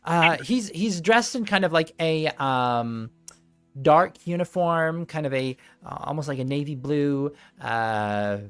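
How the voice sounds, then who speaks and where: A man's voice: a little high, animated, slow, fairly bright tone, clear, resonant tone, no echo, faint music behind. A man narrating a tabletop game as game master on a live stream, rambling and easily distracted, laughing often.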